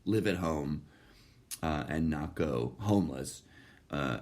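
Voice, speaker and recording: Man, podcast host, low voice, swooping animated delivery, sardonic, swears a lot, digressive. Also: normal speed. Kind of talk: rambling solo monologue.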